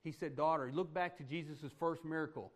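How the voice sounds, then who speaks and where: A pastor delivers a sermon in a fairly high voice for a man. He talks to the congregation like a conversation, tossing in "right?" often. He swings from loud, emphatic declarations down to hushed, almost murmured lines. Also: steady tone, brisk. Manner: conversational preaching with frequent "right?" asides; swings between loud emphatic points and hushed, soft passages.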